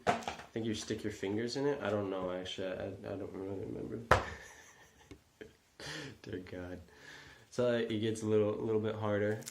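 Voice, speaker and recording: A man's voice: on the low side, heavy background noise. Rambling young man in an echoey room. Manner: rambling, self-deprecating, many fillers. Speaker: vlogger. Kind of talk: casual vlog talk.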